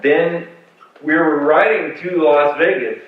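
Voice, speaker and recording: A man's voice: on the high side, slow pace, slight background noise. A man telling a personal story in a talk with slides, with many fillers and restarts. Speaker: speaker sharing a patient story. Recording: far-off mic in echoey hall, phone-like sound.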